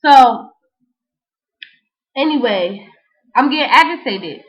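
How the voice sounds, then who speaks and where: A young woman, telling a casual, slangy, animated story in a vlog. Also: on the high side, slow. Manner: animated, slangy, frequent "you know what I'm saying". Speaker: vlogger. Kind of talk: casual storytelling and freestyle rap. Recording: dull lo-fi home recording.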